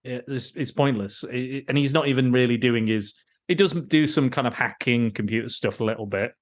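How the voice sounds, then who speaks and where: A podcast host with a mid-range voice and brisk pace rants casually about a film, swearing a lot and frequently restarting his sentences.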